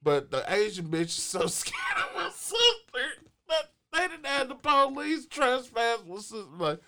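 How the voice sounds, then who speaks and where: A man's voice: extremely high pitch, big pitch swings, a little slow, few pauses, pushed and bright. A man co-hosting a talk show in a studio, telling a story casually with heavy profanity. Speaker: co-host. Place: radio studio.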